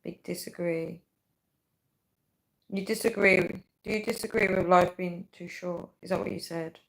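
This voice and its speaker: A woman's voice: lowish voice, fairly even intonation, unhurried, vocal fry, fairly bright tone, rough recording. A woman in her thirties hosting a casual livestream, rambling chattily and often calling her viewers "guys.". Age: 30s. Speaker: livestream host.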